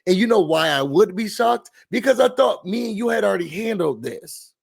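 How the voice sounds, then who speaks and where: A man hosting a reality TV recap, ranting in an animated, sassy, blunt way. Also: high voice, normal speed, gravelly, husky.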